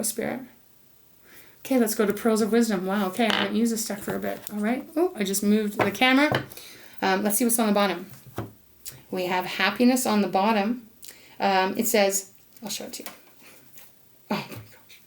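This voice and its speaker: A woman giving a casual tarot reading to camera, chatty and enthusiastic, talking aloud to spirit, laughing often and coughing now and then. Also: mid-range voice. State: occasional coughing. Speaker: tarot reader.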